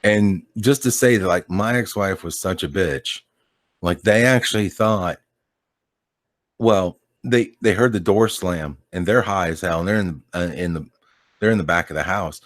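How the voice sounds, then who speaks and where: Laid-back low-voiced man telling stories. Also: moderate pace, dry recording, clean studio sound. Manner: laid-back rambling storyteller, swears, laughs often. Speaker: podcast guest. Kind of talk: casual chat.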